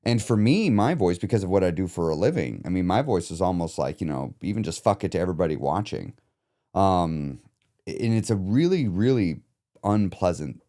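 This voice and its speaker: A man's voice: low-pitched, dark tone. A man who coaches clients through emotional eating, talking candidly and reflectively in a casual podcast chat, now and then swearing.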